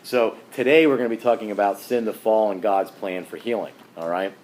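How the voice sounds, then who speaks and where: A man's voice: on the low side, fairly quick, darkish tone. A man teaching an adult Catholic faith class in a chatty, digressive lecture style, often asking the class questions. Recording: echoey room, faint ambient noise.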